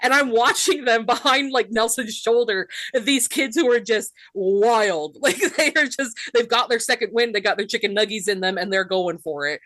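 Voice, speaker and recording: Woman in her 30s, Southern accent, bright tone, lively laughing storyteller, dry close sound. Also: a little high, normal speed, hardly any pauses, no echo. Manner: animated storyteller, laughs often, says "like" a lot. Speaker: podcast co-host. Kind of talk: casual chat, storytelling.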